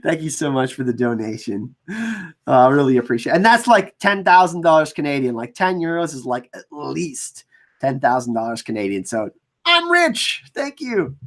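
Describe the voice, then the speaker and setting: A man hosting a casual livestream, chatting with viewers and reading out their comments and shout-outs. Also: mid-range voice, expressive, moderate pace. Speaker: livestream host. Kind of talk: casual live-stream chat.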